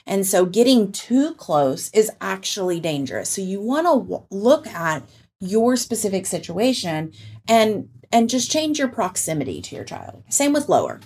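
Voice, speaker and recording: A woman hosting a parenting podcast, explaining ideas in a casual, animated way. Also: mid-range voice, moderate pace, breathy edge. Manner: explanatory, animated, quotes people in put-on voices. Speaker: podcast host and parenting author.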